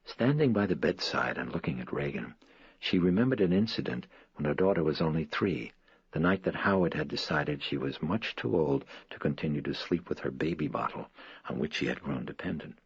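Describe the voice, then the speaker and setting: A man with a very deep, husky voice reads a horror novel in a measured, somber manner. The sound is close and dry, with slightly dull highs. Faint music sits beneath him. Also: animated, no echo. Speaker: audiobook narrator. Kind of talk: scripted horror narration.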